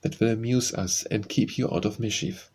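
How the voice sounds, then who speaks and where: Brief: affected young sister, mock grown-up, as a male narrator reads her, low voice. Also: fairly even intonation, moderate pace, darkish tone, natural voice. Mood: prim. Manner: grown-up, critical tone.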